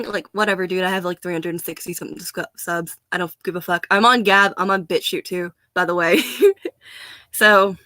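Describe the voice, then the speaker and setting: A woman's voice: medium pitch, pushed and bright, no echo. An American woman ranting in a casual vlog, blunt, profane and sarcastic, often laughing. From United States. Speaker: vlogger.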